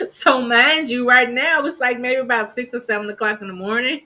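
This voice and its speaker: Bright-voiced woman telling a story. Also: medium pitch, moderate pace. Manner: animated, laughing, acts out quoted voices. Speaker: podcast host. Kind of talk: personal storytelling.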